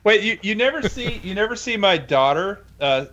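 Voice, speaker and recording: A man co-hosting a live stream from home, talking eagerly and pitching an upcoming event. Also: animated, moderate pace, fairly bright tone, dull audio. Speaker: co-host and event organizer. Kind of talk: casual live-stream chat. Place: at home, family nearby.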